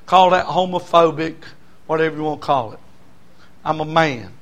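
Folksy preacher man, fairly high voice. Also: moderate pace, a bit bright. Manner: emphatic, repetitive cadence, folksy humor. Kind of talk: sermon. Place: church before a congregation.

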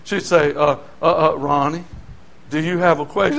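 A man's voice: fairly high pitch, moderate pace, gravelly. Folksy man preaching a testimony. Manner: folksy storytelling, swings from quiet to shouting. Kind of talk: sermon testimony.

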